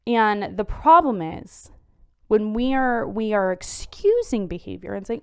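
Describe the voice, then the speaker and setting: Frank woman with a smooth voice. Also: mid-range voice, sing-song, unhurried, darkish tone. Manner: frank, conversational, repeats herself for emphasis. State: tired. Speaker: podcast host. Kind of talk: casual advice podcast.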